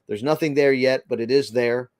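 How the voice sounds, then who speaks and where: A man's voice: mid-range voice, normal speed, a little mellow, dry recording. A man from the Boston area with a slight Boston accent, hosting a casual live stream and greeting viewers by name, with a rambling, filler-heavy way of talking.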